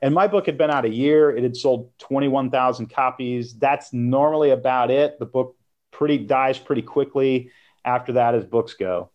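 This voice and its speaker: A man's voice: medium pitch, normal speed, lo-fi sound. A middle-aged man telling a personal story as an interview guest, acting out quotes and laughing now and then. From United States. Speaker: guest author.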